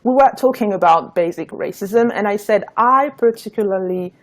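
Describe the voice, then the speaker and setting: Earnest woman, halting restarts. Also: mid-range voice. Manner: earnest, hesitant, with repeated restarts. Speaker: guest. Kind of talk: casual live-stream conversation.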